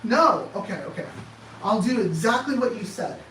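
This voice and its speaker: A man giving an animated motivational talk, firing off sarcastic rhetorical questions in a presentation room. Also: high-pitched, normal speed, slight background noise. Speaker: speaker. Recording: echoey room, distant mic, faint ambience.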